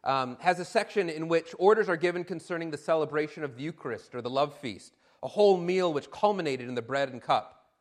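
A man preaching a sermon in an animated, emphatic way, with occasional fillers. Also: on the high side, a little fast.

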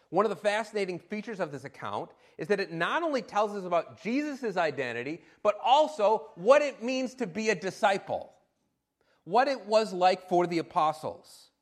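Animated male preacher with lively pitch. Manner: animated and emphatic, with fillers. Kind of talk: sermon.

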